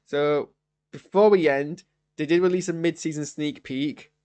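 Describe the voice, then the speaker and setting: A young man with a fairly high voice reviewing an episode live. He rambles, cuts himself off and gets exasperated. He talks as a fan thinking out loud. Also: fairly even intonation, a little slow, smooth. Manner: exasperated, rambling, self-interrupting. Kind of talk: live post-watch reaction.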